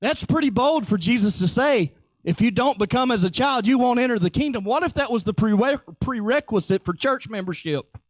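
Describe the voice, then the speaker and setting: Animated high-voiced preacher man. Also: normal speed, no room sound. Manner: lively, joking, acts out voices. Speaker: pastor. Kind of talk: sermon.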